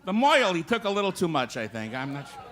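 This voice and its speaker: A man's voice: on the high side, big pitch swings, quick pace, a bit bright, a little hiss or hum. A man doing live stand-up in a comedy club, telling old-school jokes and firing back at hecklers. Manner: old-school joke teller, banters with hecklers. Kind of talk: live stand-up with crowd work.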